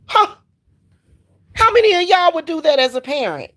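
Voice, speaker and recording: An older woman, ranting in a profane, animated, emphatic monologue as a spiritual practitioner. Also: extremely high pitch, moderate pace.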